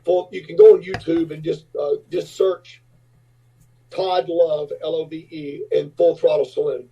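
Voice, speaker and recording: Husky fifties rock-star guest, rambling storyteller, dull lo-fi audio. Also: male voice, a little high, little pitch movement, unhurried, distant mic. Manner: rambling, filler-heavy anecdotes. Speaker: podcast guest, rock singer and entrepreneur. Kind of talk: casual storytelling.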